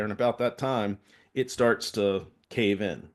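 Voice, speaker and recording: A man's voice: fairly low pitch, unhurried. A man working as a safety consultant gives a workplace safety training talk in a conversational way, often checking in with his listeners. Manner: conversational, peppers points with "all right?" check-ins.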